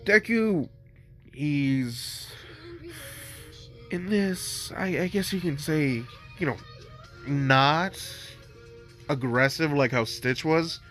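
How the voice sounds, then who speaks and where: A man's voice: on the high side, extremely slow, pauses often, fairly bright tone, faint music behind. Rambling man with a stuffy nose. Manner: rambling, loaded with fillers. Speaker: storyteller. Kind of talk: casual fan-fiction narration.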